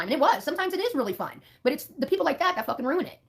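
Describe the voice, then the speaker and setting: A woman's voice: high-pitched, big pitch swings, rapid-fire. A woman live streaming, chatting casually in a blunt, profane, rambling way.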